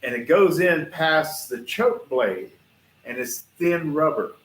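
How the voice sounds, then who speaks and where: A man's voice: a little high, expressive, slow, fairly bright tone, roomy sound. A man, hosting a casual livestream show and telling rambling stories straight to his viewers in a chatty, folksy way. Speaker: host of a livestream shop show. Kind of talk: casual rambling storytelling to chat. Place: workshop.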